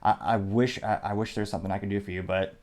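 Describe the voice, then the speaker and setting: A man with a mixed Midwest and Southern American accent hosting a political commentary show, explaining in a measured way with frequent asides and reading quotes aloud. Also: on the low side, steady tone, a little mellow. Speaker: show host.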